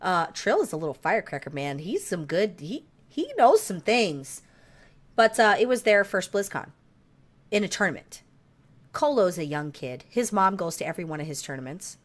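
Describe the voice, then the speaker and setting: A woman's voice: fairly low pitch, normal speed. Chatty woman telling a story. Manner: animated storytelling, swears freely; laughs and clears throat often. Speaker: podcast co-host. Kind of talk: casual chat.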